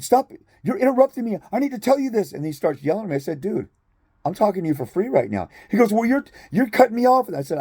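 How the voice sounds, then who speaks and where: A man's voice: fairly high pitch, warm tone, dry recording, clean studio sound. A man ranting bluntly and profanely to his viewers as a fathers' rights advocate, exasperated and confrontational.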